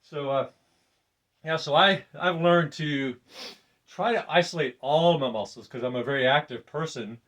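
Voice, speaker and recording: An older man casually demonstrating a weight workout, loose and chatty, laughing often and breathing deeply between sets. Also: moderate pace, fairly bright tone, distant mic. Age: 60s. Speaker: fitness presenter. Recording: voice from off the mic.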